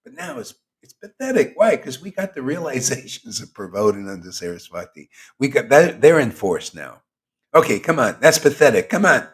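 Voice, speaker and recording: A man's voice: mid-range voice, big pitch swings, normal speed. Guy preaching to his online group, chill and teasing, lots of ups and downs in his voice. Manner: casual and teasing, slangy. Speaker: spiritual teacher. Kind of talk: devotional sermon to an online group.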